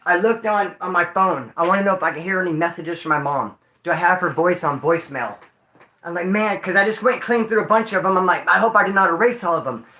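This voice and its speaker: A man's voice: sits high, fast, pushed and bright, reverberant. A grieving man, talking casually to his livestream chat in a slangy, emotional way. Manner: slangy, emotional, addresses chat as homeboy and dude. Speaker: livestream host.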